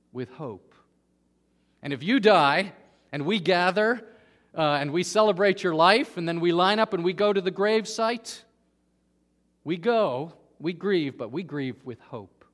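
A man preaching a sermon, earnest, dropping to a hush and then rising to emphatic peaks. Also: on the high side. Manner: earnest, swings from hushed to emphatic. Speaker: pastor. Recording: long hall reverb.

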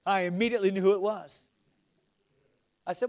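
A middle-aged male pastor preaching a sermon, swinging from loud exhortation to hushed, earnest questions. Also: high-pitched, measured pace, long pauses.

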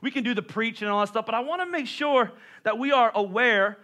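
Pastor, male, thirties, bright high voice, playful storytelling sermon with self-mocking humor. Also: quick pace.

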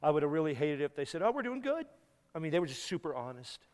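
A guest pastor telling a painful story in a sermon, tearful and halting, stumbling and repeating words as he is moved. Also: fairly high pitch, fairly even intonation, darkish tone, smooth. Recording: long hall reverb.

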